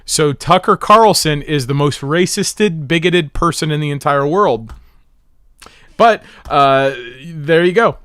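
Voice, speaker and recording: A man's voice: on the high side, fairly bright tone, dry recording, clean studio sound. A man hosting a livestream, rambling and mocking, often laughing at his own jokes. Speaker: livestream host. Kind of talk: livestream commentary.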